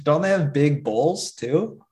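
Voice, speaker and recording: Lively-voiced man asking short questions. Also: fairly high pitch, slow pace. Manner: teasing, asks short questions. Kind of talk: casual chat.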